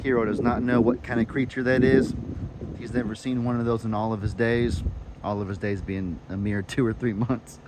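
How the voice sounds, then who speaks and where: A man's voice: flat delivery, normal speed, heavy background noise. A man vlogging casually, chatting about his dogs and the farm. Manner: chatty, talks to his dogs in a high coaxing voice. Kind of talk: casual vlog chat.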